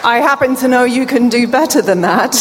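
A woman from England with a British accent and a deaf accent gives a lively conference keynote in a large hall, rousing the crowd and making warm, direct asides to the audience. Her voice is fairly high and a little fast, with long hall reverb and faint room noise.

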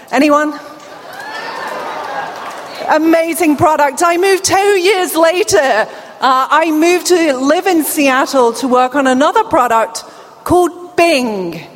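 A woman's voice: sits high, a little hiss or hum. A middle-aged woman with a British accent and a slight deaf accent, giving a conference keynote speech and bantering playfully with the audience. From England. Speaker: keynote speaker. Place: large event hall. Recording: long hall reverb, faint room ambience.

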